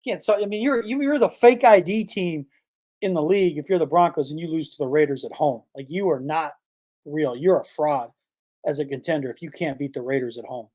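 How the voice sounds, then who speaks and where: A man's voice: a little high, brisk, darkish tone. Fired-up man hosting a sports podcast. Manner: emphatic, fired-up, full of rhetorical questions. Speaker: podcast host. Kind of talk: casual sports commentary.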